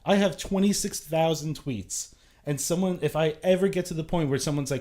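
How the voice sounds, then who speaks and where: A young man talking casually as a talk show guest, chatty and loose, full of "like" fillers and quick restarts. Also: fairly high pitch, expressive, darkish tone. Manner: chatty, many "like" fillers and restarts, laughs easily.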